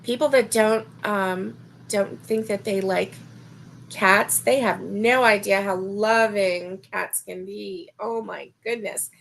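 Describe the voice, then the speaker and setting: A middle-aged woman hosting a casual crochet livestream, chatting warmly, laughing often and reading viewer comments aloud. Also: mid-range voice, steady tone, takes it slowly, creaky, slight background noise. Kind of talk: casual live-stream chat.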